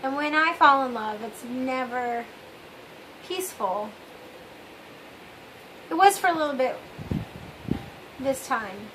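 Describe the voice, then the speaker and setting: A woman with a high, sharply bright voice talks through a casual confessional vlog. She rambles and speaks candidly to her viewers, trailing off and undercutting herself with wry asides. A faint room hum sits behind her. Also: moderate pace, long pauses, rough recording. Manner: rambling and candid, often trailing off with "I don't know"; wry, with self-mocking asides. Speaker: vlog host.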